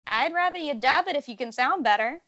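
A woman's voice: sits high, animated, a little fast, bright, forceful tone, muffled recording. A woman co-hosting a casual movie podcast, chatty and blunt, laughing often as she talks. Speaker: podcast co-host.

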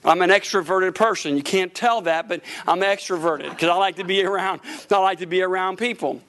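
A man's voice: high-pitched, brisk, fairly bright tone. A middle-aged man pastor preaching a sermon, telling stories with animation and often repeating "Praise God, amen.".

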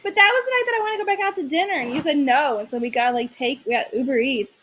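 A woman's voice: high voice, quick pace, a bit bright, a little hiss or hum, poor audio. A young woman co-hosting a casual chat, talking in a chatty way and often trailing off and restarting her sentences. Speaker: podcast co-host.

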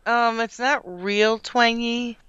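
A woman in her forties speaks in a bright, smooth, resonant voice as co-host of a casual chat. She gives advice in a confident, matter-of-fact way. The recording is dry and a little dull. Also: on the high side, fairly even intonation, slow, no echo.

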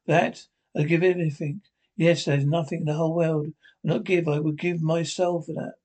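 A man reading aloud, voicing a young, vain gentleman who speaks in a plaintive, pleading way. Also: on the high side, level tone, a little fast, close to an everyday voice. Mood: anguished.

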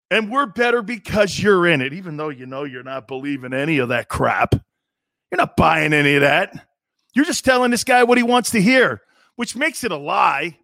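Brash high-voiced male sports host. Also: dry recording, studio quality. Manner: brash, mocking, animated, puts on jeering voices. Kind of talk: opinionated sports talk monologue.

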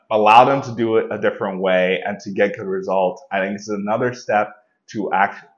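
A man's voice: fairly low pitch, lo-fi sound. A man hosting his own solo show, giving an earnest, reflective talk in a conversational way with frequent restarts. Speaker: podcast host.

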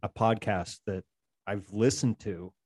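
A man's voice: fairly low pitch, steady tone, a little slow, a little mellow. A man chatting on a podcast, joking and swearing casually, often stumbling and restarting.

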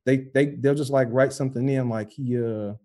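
A man telling a story in casual chat, animated and profane, acting out the voices of the people in it. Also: medium pitch, moderate pace. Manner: animated, profane, acts out voices in his stories.

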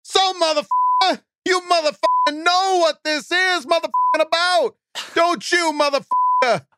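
A man's voice: extremely high pitch, normal speed, bright, forceful tone, no echo, voice pushed up. A man doing an impression of a furious, foul-mouthed famous actor who swears in every sentence.

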